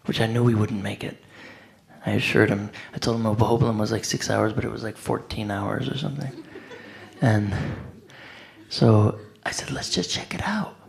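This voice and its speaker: A man with a gravelly, creaky voice tells a story in a loose, conversational way. He is animated, acting out what others said with filler words in between. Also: fairly low pitch. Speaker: devotee speaker. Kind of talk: anecdotal storytelling talk.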